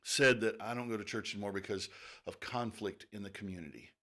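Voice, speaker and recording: A man co-hosting a radio talk show, explaining things in a relaxed way with many fillers. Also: fairly low pitch, a little fast. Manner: relaxed, thinking aloud with fillers. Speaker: radio co-host. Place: radio studio.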